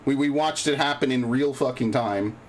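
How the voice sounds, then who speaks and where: A man's voice: mid-range voice, normal speed, a little hiss or hum. A man live-streaming a video game, chatting casually and swearing often as he gets annoyed at the game. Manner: profane, easily annoyed, grumbling. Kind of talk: live gaming stream chat.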